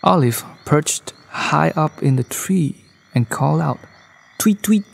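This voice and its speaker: A man narrating a children's bedtime story in a gentle read-aloud manner, recorded in a studio. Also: a little high, measured pace, vocal fry. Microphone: studio microphone.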